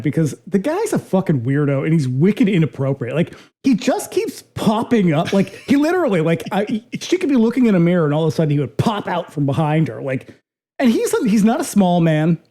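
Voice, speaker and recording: Casual podcast co-host; animated, salty delivery, warm dark tone. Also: mid-range voice, brisk. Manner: animated, profane, acts out quotes. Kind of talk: casual film discussion.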